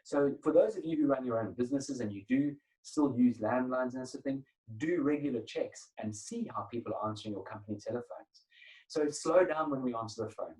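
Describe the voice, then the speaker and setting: A man presenting an etiquette webinar over a video call, emphatic and energetic. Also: medium pitch, fairly quick, recorded from a distance, rough recording. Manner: emphatic, energetic, acts out phone calls. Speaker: etiquette trainer.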